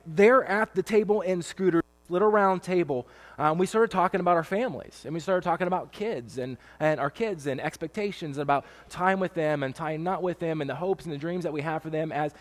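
A man's voice: a little high, in a large hall. A man in his thirties, a pastor preaching a conversational sermon, emotional, with many fillers and restarts. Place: church stage with long reverb.

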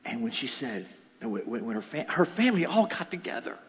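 Pastor, male, lively sermon delivery with hushed asides; reverberant room. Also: mid-range voice, a little fast. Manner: animated, shifts between loud and whispered. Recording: echoey hall.

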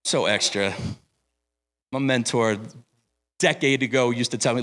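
A young man preaching at a summer camp service, energetic and playful, calling himself over the top. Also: mid-range voice, normal speed. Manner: energetic, playful, self-described as extra. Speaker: camp speaker. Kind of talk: sermon.

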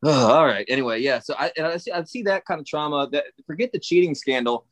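A man's voice: fairly high pitch, fast. A man co-hosting a podcast in casual chat, ranting with swearing and laughter. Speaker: podcast co-host.

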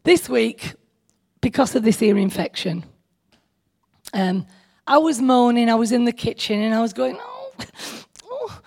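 A woman's voice: on the high side, normal speed, vocal fry, long pauses, darkish tone. A woman giving an informal, chatty sermon, joking with her listeners and teasing herself. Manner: chatty, joking, self-deprecating, speaks to the audience directly. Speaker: speaker at a church meeting.

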